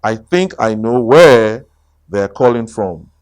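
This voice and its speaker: A gentle, easygoing storybook bear, voiced by a man reading aloud. He speaks in a mild, calm voice that sits a little low and is never in a hurry. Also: slow, clean tone. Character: gentle, simple-minded male bear, hungry and easygoing.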